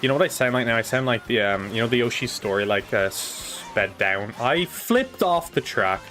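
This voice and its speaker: Young male streamer, mid-pitched, chatty and casual, desk mic, light game music underneath. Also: animated, moderate pace, fairly bright tone. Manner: rambling, chatty, swears casually. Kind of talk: casual live gameplay chat. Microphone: desk microphone.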